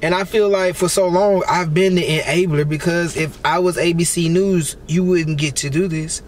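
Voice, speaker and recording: A man with a notably high-pitched voice, talking loosely and excitedly through a meal and a rant. He calls out and exclaims between bites in a chatty vlog manner. Faint noise hums underneath. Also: normal speed. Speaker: celebrity blogger and vlogger. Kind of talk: casual rant while eating on camera.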